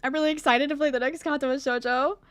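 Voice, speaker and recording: A woman's voice: high voice, steady tone, fast talker, a bit bright, no room sound. A woman streamer chatting casually over a game, gushing with squealing exclamations and rambling, self-correcting sentences.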